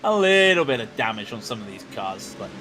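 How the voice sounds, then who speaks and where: Excitable man calling sim races. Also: medium pitch, over music. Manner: chatty, excitable, quick asides. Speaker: sim racing commentator. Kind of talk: live race commentary chat.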